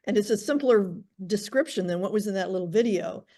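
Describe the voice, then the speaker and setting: A woman's voice: medium pitch, expressive, brisk, dark tone. Hesitant woman trainee sharing a view. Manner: hesitant, restarts often. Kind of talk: group discussion comment.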